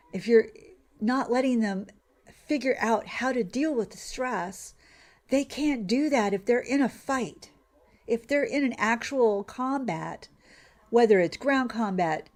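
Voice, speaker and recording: While playing a farming game, a woman gaming streamer rants in casual chat. She often loses her train of thought and mimics other people in a higher voice.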